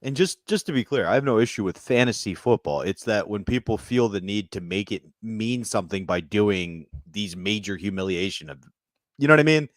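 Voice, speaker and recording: A man's voice: fairly low pitch, expressive, brisk, dry recording, clean studio sound. A man co-hosting a casual comedy show, trading crude jokes and banter. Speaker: podcast co-host.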